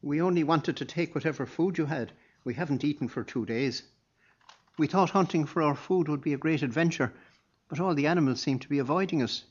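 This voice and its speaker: A frightened teenage outlaw boy, put on by a man reading the story, pleading in a shaky, raised voice. He talks quickly and sounds hungry and scared. The recording is a little dull and lo-fi. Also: fairly high pitch, slightly rough, pitched above the performer's own voice.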